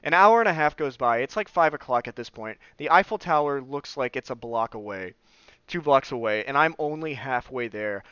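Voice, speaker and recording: This young podcast host has a fairly high, fairly bright voice that sounds clear and resonant. He shares a personal story in a casual way, cursing freely and doing voices for the people he quotes. There's no echo, but the audio comes across as slightly dull and lo-fi.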